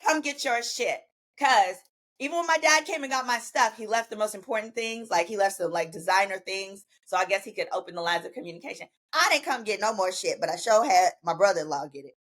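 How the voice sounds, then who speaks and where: A woman with a Southern US accent, speaking as a guest on a chat podcast. She tells her story with lively emphasis, curses freely and acts out the dialogue she quotes. Her voice sits at a middling pitch for a woman. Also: quick pace. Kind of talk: animated storytelling in casual chat.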